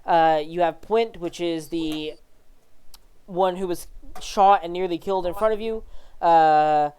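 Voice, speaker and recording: A game master narrating a tabletop role-playing session. The voice is smooth and clear at a middle pitch, and the delivery is casual and full of fillers. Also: unhurried, a little mellow, rough recording. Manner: casual, many fillers and restarts while describing scenes.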